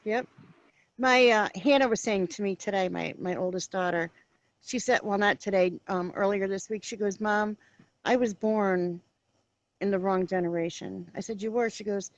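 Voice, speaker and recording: A woman's voice: mid-range voice, normal speed, no echo, rough recording. A middle-aged woman hosting a talk show, chatting and animatedly acting out family stories. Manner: animated storyteller, acts out her daughter's lines. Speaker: show host. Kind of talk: casual chat.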